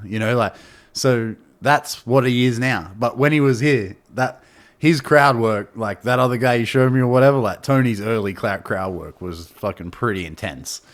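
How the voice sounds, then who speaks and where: A man, a podcast guest telling stories in casual, heavily sweary chat, saying "bro" constantly. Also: on the low side.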